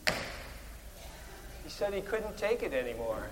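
A man preaching a Presbyterian sermon, animated, with emphatic rises on key words. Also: on the high side, unhurried, big-room sound, a little hiss or hum, poor audio. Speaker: pastor.

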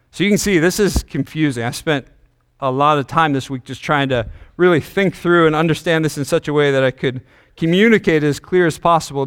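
A man's voice: fairly high pitch, clear, resonant tone, long reverb tail. A male pastor preaching a sermon, asking the congregation questions, a little out of breath. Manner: engaging, asks the congregation questions.

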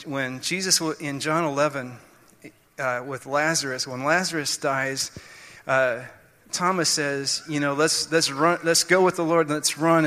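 A man's voice: fairly high pitch, sharp tone. A man preaching a sermon, explaining scripture earnestly and restarting his sentences often. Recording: long hall reverb.

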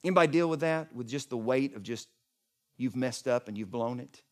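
A middle-aged man preaching a sermon as pastor, swinging from loud emphatic peaks to soft hushed lines. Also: medium pitch, fairly quick.

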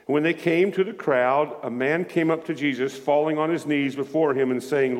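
A man preaching a sermon in a lively way, calling out to his congregation as he reads and explains scripture. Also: fairly high pitch, normal speed, hardly any pauses. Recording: echoey hall with long reverb.

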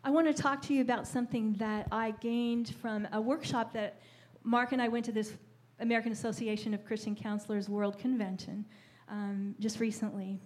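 Woman, fairly high voice, enthusiastic, teaching talk, counselor. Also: fairly even intonation, moderate pace, a little mellow.

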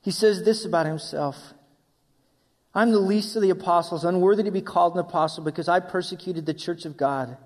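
A man's voice: sits high, fairly quick. A man preaching a sermon as pastor, voicing his listeners' questions and closing in prayer. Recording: long reverb of a hall.

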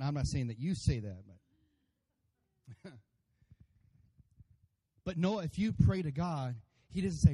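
A pastor preaching a sermon to his congregation, animated and playful, acting out voices and calling for amens. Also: mid-range voice, a little slow, pauses often, husky. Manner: animated, acts out funny voices for God and congregants; addresses congregation by name, calls for amens.

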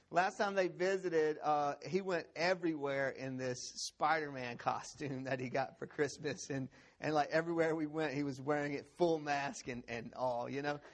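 A man pastor giving a sermon in a church, telling a funny story with an animated, laughing manner and lots of restarts. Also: a little high, creaky.

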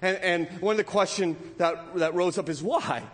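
Emphatic high-voiced male preacher. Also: normal speed, fairly bright tone. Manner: emphatic, keeps asking "right?". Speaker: pastor. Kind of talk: sermon. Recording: long hall reverb.

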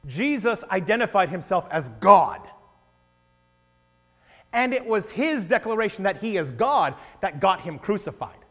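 A man preaching a sermon as a pastor, animated, swinging between loud emphasis and hushed asides. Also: sits high, a little slow. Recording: long echo of a large hall, faint mains hum.

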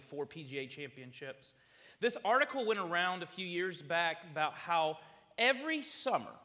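Bright-voiced preacher, chatty. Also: male voice, a little high, in a large hall. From South Carolina, US. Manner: chatty, humorous storytelling. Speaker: campus minister. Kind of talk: sermon.

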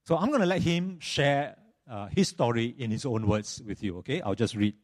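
Animated male preacher with lively pitch. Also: normal speed. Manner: animated, repeats phrases, storytelling. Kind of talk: sermon.

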